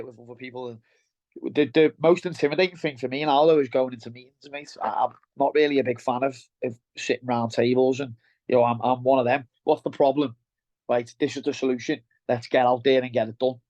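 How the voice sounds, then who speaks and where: A middle-aged Merseyside man, a welder turned operations head, is a guest in a casual interview, his medium-pitched voice slightly mellow with no room sound. He talks about his work bluntly and plainly, calling the host "mate," and the recording sounds dull and lo-fi.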